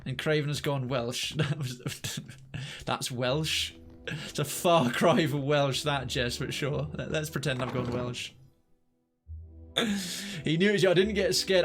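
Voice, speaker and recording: A man streaming a video game live, chatting excitedly, often stammering and restarting his sentences, and quick to get startled. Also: medium pitch. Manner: jumpy, startled easily, exclaims. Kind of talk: live let's-play commentary.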